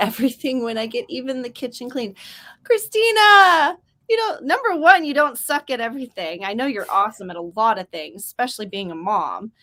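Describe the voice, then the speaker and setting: A woman hosting a casual writing livestream, chatty and upbeat, reading viewer comments aloud. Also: mid-range voice. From grew up near Mexico. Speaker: host of writing sprint livestream.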